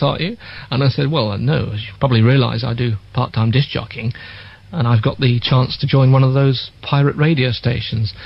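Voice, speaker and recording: An older man with an English accent, a former radio disc jockey telling lively anecdotes and acting out the voices he quotes. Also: mid-range voice, vocal fry, breathy edge, muffled recording. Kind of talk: reminiscing storytelling.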